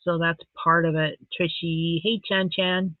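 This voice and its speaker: A middle-aged woman hosting a casual live stream, chatting warmly with her viewers and reading out their comments. She sounds soft-hearted and easily moved. The audio is thin and phone-like, and the room is dry and close. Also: lowish voice, level tone, unhurried, dry recording. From Saskatchewan, Canada.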